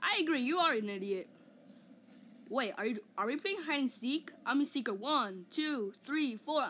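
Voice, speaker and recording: A woman's voice: high voice, lively intonation, moderate pace, fairly bright tone, a little hiss or hum. A woman voicing a vain, hot-tempered giant male ape in a comic fan dub, taunting and boasting with mock roars.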